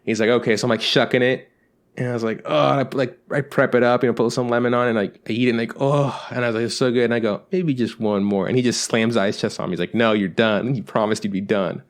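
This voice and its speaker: Fast-talking man telling rambling stories. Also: mid-range voice, steady tone. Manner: rambling anecdotes with acted-out quotes, swears freely. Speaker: podcast co-host. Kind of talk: casual storytelling chat.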